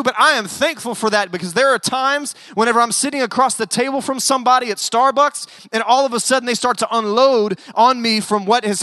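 Bright, high-voiced male pastor preaching. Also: dry recording, long reverb tail. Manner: animated, joking asides. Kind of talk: sermon.

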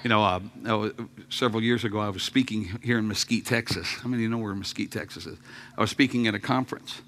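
Bright-voiced pastor telling stories. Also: male voice, lowish voice, fast talker, a little hiss or hum. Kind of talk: sermon. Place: church sanctuary.

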